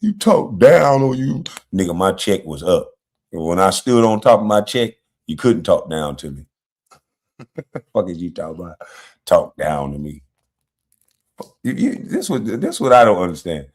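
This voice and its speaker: Man as stream host: brash, swinging pitch, laughs a lot while roasting trolls. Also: big pitch swings, moderate pace, pauses often, a little mellow. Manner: brash trash talk with frequent laughter. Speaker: livestream host. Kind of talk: casual livestream commentary.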